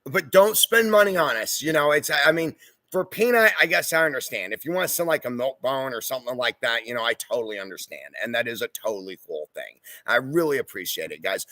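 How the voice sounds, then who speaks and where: A man's voice: medium pitch, expressive, brisk, bright, forceful tone, no echo. A man hosting a casual livestream, reading viewer comments aloud and answering them in an easygoing, chatty way. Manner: easygoing and chatty, often says "y'all" and "hoorah". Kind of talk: casual live-stream chat.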